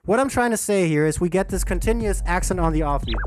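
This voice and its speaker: Speaking briskly with hardly any pauses, a DJ with a high-sitting voice teaches rhythm over soft background music. His casual livestream workshop is animated and full of swearing and self-mockery, and he's alone in a room under a bright light.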